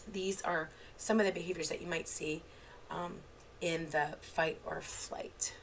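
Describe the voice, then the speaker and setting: Woman trainer with a low, gravelly voice; casual, unscripted talk full of "um"s; faint hiss behind. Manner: casual, many filler words and restarts; relates examples from her own parenting. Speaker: therapist giving an online training. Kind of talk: unscripted lecture.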